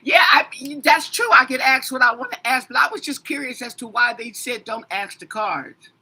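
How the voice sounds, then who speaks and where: A woman's voice: high voice, lively intonation, moderate pace, sharp tone, husky. A woman tarot reader in a casual livestream chat, rambling and talking straight to her commenters with emphatic asides.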